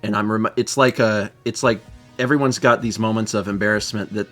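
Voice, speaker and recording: A man's voice: brisk, soft background music. A man in his thirties, co-host of a casual live show, telling a story with lots of laughter and restarts. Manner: animated, laughing, voice climbs high when quoting people.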